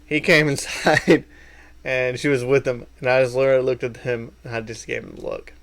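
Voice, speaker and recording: A young man co-hosting a casual podcast, his voice sitting at a middle pitch. He tells stories with energy and leaps up in pitch when he acts out what people said. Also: fairly quick. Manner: animated storyteller, acts out quotes with pitch jumps. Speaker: podcast co-host. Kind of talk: casual chat.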